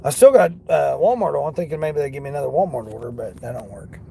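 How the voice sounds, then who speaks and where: Gravelly man talking while driving. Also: a little high, lively intonation, quick pace, mellow, slight background noise. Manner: earnest, rambling, motivational. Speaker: delivery driver vlogger. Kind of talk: casual talk while driving. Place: in a car.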